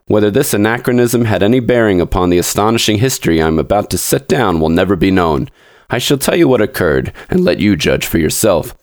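A man reading a classic story aloud as a podcast storyteller, measured and wry. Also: fairly low pitch, animated, no room sound, studio quality. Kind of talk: scripted narration of a classic story.

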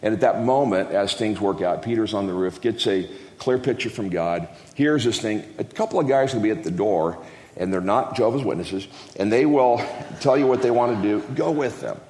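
Deep-voiced rambling man preaching in a hall. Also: lively intonation, normal speed, darkish tone. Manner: rambling, self-interrupting, folksy jokes. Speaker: guest preacher. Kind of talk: casual joking sermon. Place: church hall. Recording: echoey hall, long reverb.

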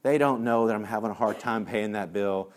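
A male discipline trainer giving a lively workshop talk, telling stories, acting out voices and laughing at his own jokes. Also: on the low side, fairly quick, a little hiss or hum. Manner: lively storyteller who acts out voices.

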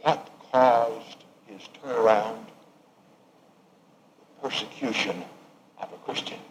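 A man preaching a sermon, swinging from raised emphatic lines to hushed, quiet ones. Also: lowish voice, slow, low-quality recording.

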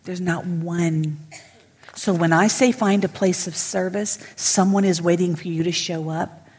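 Husky woman pastor preaching. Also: on the low side, fairly even intonation, measured pace, in a large hall. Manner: emphatic, swings from loud to whispered. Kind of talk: sermon to women. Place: church sanctuary.

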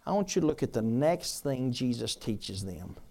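Lively-pitched preacher man. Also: normal speed. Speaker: pastor. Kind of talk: sermon.

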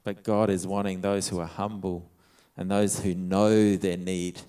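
A man's voice: low-pitched, little pitch movement, unhurried, warm tone, clean tone. A man preaching a conversational sermon, reading scripture aloud and retelling it in his own words. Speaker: pastor.

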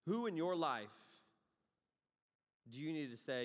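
A man in his forties preaches with lively storytelling, jumping from loud outbursts to hushed asides. His fairly high voice rings out through a large hall with a long, trailing reverb. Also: a little slow. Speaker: pastor. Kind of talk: sermon.

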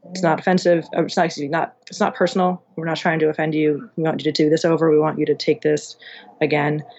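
A woman's voice: low voice, darkish tone, muffled recording. A woman being interviewed about audiobook engineering, talking in a chatty, rambling way with many restarts. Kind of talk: casual interview chat.

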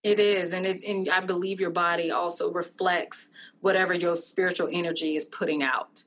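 A woman's voice: on the low side, level tone, normal speed, a bit bright, a little hiss or hum. A woman in casual chat, speaking earnestly and reflectively about faith, joy and hope.

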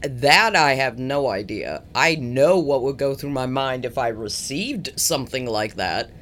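A woman co-hosting a casual podcast, animated and playful, often laughing as she presents clips. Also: rumbling low, measured pace.

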